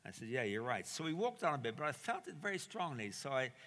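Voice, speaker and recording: Bright-voiced man preaching in a reverberant hall. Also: medium pitch, fast talker. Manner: animated storytelling, acts out quoted dialogue. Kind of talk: sermon storytelling.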